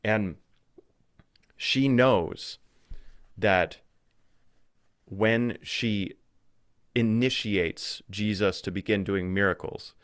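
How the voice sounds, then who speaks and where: A man talking as a podcast guest in a casual conversation, thinking aloud with restarts and growing animated when he retells stories. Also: lowish voice, drawn-out words, long pauses, dry recording, clean studio sound. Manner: thoughtful, with frequent restarts and fillers.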